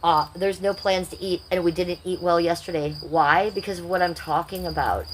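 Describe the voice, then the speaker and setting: A woman's voice: on the low side, steady tone, moderate pace, slight background noise, poor audio. A woman hosting a casual livestream, rambling and confiding as she talks straight to her viewers. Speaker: livestream host.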